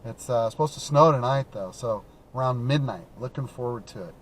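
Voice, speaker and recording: A man with a medium-pitched voice talks briskly while driving, hosting a call-in live stream. He's from the American Midwest and chats casually, rambling through fillers and restarts.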